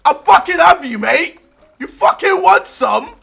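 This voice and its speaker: A young man rants through gameplay in a high, lively voice that swings up and down a lot. His tone is bright and gravelly, and he talks slowly between bursts of shouting and swearing. Faint music plays behind him. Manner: loud, swearing, laughing, often shouting at the game. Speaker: gaming YouTuber. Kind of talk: gameplay commentary.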